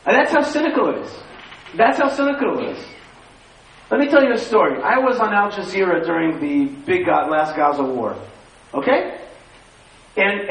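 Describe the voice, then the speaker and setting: A man telling stories to a live audience, animated, repeating phrases and quizzing the crowd. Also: sits high. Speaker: speaker addressing an audience. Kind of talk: lively storytelling talk. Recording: echoey room, far from the mic, faint hiss.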